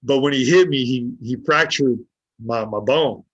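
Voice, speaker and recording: A man's voice: mid-range voice, normal speed, husky, dry recording. Blunt, profane man telling a story. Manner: blunt, heavy swearing, acts out quoted dialogue. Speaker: podcast guest. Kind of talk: casual storytelling. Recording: dull lo-fi dry sound.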